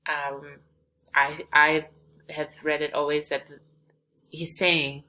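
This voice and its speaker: A woman's voice: low-pitched, little pitch movement, slow pace, long pauses, bright, forceful tone, slight background noise, low-quality recording. A woman teaching a poetry lesson, reading verse aloud and then explaining it casually with fillers.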